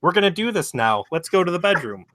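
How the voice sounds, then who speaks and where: A man voicing a brash, flirty woman in a high, bold put-on voice. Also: big pitch swings, quick pace, sharp tone, no room sound, studio quality, exaggerated voice. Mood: giddy.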